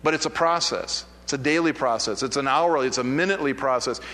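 A man's voice: mid-range voice, fast, bright, forceful tone. A man preaching a sermon, telling a personal story in a conversational, self-deprecating way with frequent restarts. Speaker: pastor. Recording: preached in a hall with long reverb.

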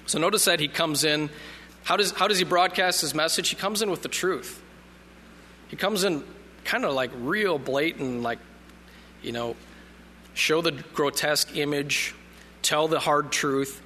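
A man's voice: a little high, normal speed, sharp tone, a little hiss or hum. A man preaching a sermon in a conversational way, reading scripture aloud and joking when he trips over names. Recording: long reverb of a hall.

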